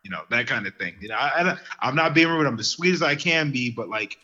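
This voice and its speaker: A man telling lively stories in casual podcast chat, getting worked up as he goes. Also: mid-range voice, fast talker, highs cut off. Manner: animated storyteller who gets worked up.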